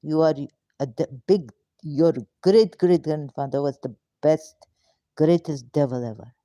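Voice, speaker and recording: A woman's voice: sits low, a little slow, mellow, dry recording, studio quality. A woman vlogger delivering an angry, frustrated, confrontational monologue straight to her viewers. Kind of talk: ranting monologue to camera.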